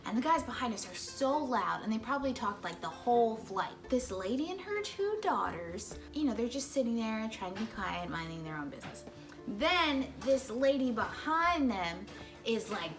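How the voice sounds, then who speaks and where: Young woman, bright and fairly high voice, chatty story time vlog, faint music underneath. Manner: chatty, animated storytelling with lots of "like" and "right?". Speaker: vlogger. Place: parents' home, indoors.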